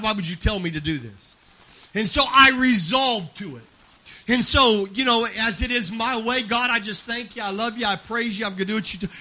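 A man preaching a sermon, swinging from soft confiding talk to loud shouted preaching and often repeating words as he tells stories. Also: high-pitched. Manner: repeats words and restarts when emotional.

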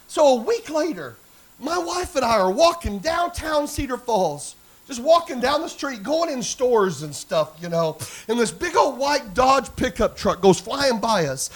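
A high-pitched man preaches to a congregation. He moves between quiet, reflective storytelling and loud, fervent exhortation that rises nearly to a chant. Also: very animated, moderate pace. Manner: storytelling preacher, building to shouted fervor. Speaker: pastor. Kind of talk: sermon.

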